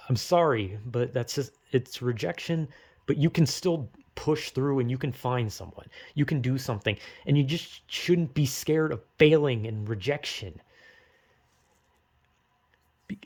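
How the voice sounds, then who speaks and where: A man's voice: medium pitch, a little mellow. A young man talks straight to the camera in a rambling, emotional monologue. He swears freely, puts himself down, and breaks into urgent bursts of encouragement. His voice sits in an everyday middle register. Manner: rambling, swears a lot, self-critical; urgent, pep-talk bursts.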